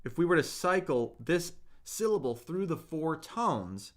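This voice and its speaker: A man's voice: a little high, sing-song, measured pace, hardly any pauses. A young man teaching Mandarin tones in a live-streamed lesson, drilling syllables aloud and checking in with viewers in the chat.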